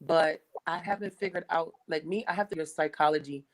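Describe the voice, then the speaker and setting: Casting: young woman from the US, lowish voice, blunt and profane, casual chat. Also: fairly quick, poor audio.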